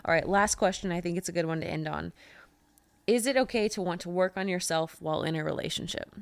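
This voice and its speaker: Young woman podcast host, chatty and animated; slightly low voice, dry close sound. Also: fast talker, creaky, dry recording. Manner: chatty, animated storytelling with frequent "like". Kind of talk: casual chat.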